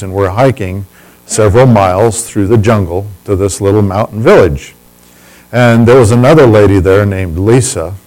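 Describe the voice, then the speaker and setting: A man's voice: lowish voice, darkish tone, poor audio. A man telling a personal story in a folksy, humorous, teasing way.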